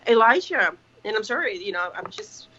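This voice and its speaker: A woman's voice: fairly high pitch, sing-song, moderate pace, pushed and bright, breathy edge. A woman speaking earnestly over a video call from her kitchen, with many fillers and restarts. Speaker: ministry partner. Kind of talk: casual video call chat. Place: home kitchen. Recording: dull lo-fi call audio.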